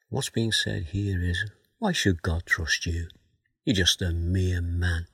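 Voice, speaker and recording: Low gravelly guy preaching slow, reading bible verses, dry close sound. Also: sharp tone, no echo. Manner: measured, questioning, reads scripture aloud. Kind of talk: Bible teaching sermon.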